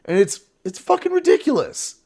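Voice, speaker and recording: High voiced guy ranting on stream, swears constantly, heated and fired up. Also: big pitch swings, normal speed, vocal fry, a little mellow. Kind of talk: political reaction stream, ranting.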